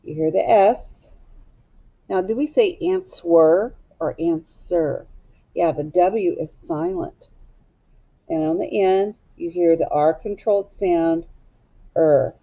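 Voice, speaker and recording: A woman teacher whose voice is on the low side, with a gravelly, creaky edge, leads young children through a recorded phonics lesson. She spells out each word slowly and deliberately, and the recording sounds dull and lo-fi.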